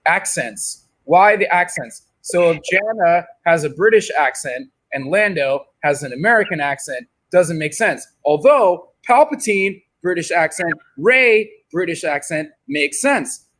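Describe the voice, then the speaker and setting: A man with a notably high voice co-hosting a loose live chat. He is blunt and teasing and swears freely as he talks. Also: expressive, measured pace, few pauses, a bit bright. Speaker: co-host.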